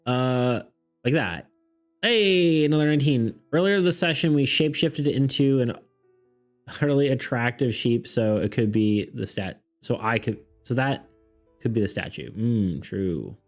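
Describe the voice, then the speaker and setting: A man narrating as game master for a streamed tabletop game, his pitch sitting in a middle range. He rambles and hesitates, filling gaps with ums and self-deprecating asides. Faint music plays behind him. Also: expressive, unhurried. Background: faint background music.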